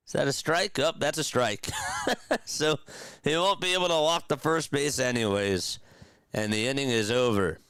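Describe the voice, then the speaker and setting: A man's voice: mid-range voice, normal speed, smooth, dry recording. A young man calling a game radio-style from a stream, chatting with his viewers and mixing calls with sarcastic opinion. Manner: chatty, talks to chat, sarcastic asides; animated, jumps between calls and opinions. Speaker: play-by-play host. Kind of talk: radio-style play-by-play commentary.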